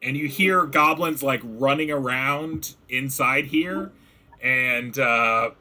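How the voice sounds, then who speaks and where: Over voice chat, a man narrates a tabletop game as game master, casual and chatty, acting out goblin shouts. His voice is medium-pitched and slow.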